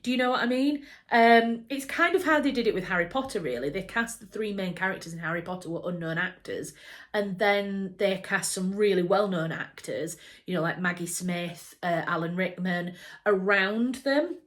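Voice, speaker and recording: A woman's voice: medium pitch, moderate pace, fairly bright tone. A woman from England chatting enthusiastically to camera about a book adaptation, with frequent fillers and restarts. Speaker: book vlogger. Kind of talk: casual chat to camera.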